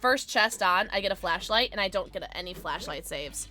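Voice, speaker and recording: A woman streamer chatting casually during a gameplay livestream, reacting loudly and reading chat aloud. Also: medium pitch, normal speed. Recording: steady background noise.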